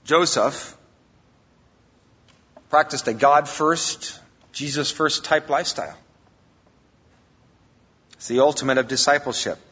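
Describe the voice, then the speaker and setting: A man preaching a sermon as a pastor, emphatic, swinging between loud and quiet. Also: medium pitch, slow, pauses often, slightly rough. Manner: emphatic preaching, rises and drops in volume. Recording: long hall reverb, dull lo-fi sound.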